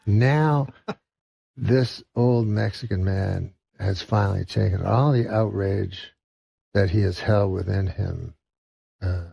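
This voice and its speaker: Gravelly man telling a rambling joke. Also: lowish voice, mellow, no echo. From Canada. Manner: slow, rambling, with fillers. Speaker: comedian guest. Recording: dull lo-fi recording.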